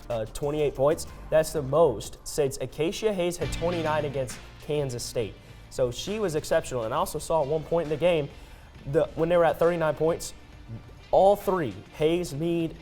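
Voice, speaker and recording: A young man giving sports analysis on a news desk, energetic and chatty, joking and restarting his sentences. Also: a little high.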